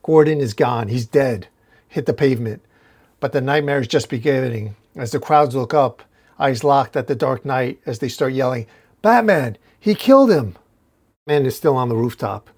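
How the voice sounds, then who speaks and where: A man's voice: medium pitch, moderate pace, a little mellow. A man narrating a comic book story panel by panel in a casual recap style. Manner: recounts panel by panel, casual restarts.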